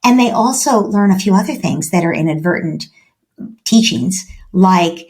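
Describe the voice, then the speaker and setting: A woman who is a parenting expert, speaking as a guest in a podcast interview. She speaks in an animated way and acts out little parent-child scenes. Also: lowish voice, moderate pace.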